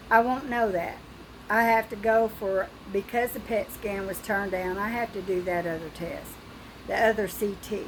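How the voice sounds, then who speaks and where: An older woman talking through a personal video diary, frightened and halting, with pauses and restarts. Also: medium pitch, noisy background. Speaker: vlogger.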